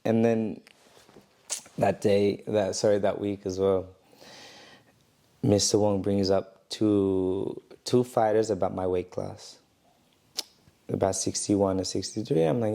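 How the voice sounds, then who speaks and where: Gravelly-voiced man, relaxed podcast chat. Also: lowish voice, slow pace, pauses often. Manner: retells with acted quotes and laughs. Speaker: Muay Thai fighter telling his story.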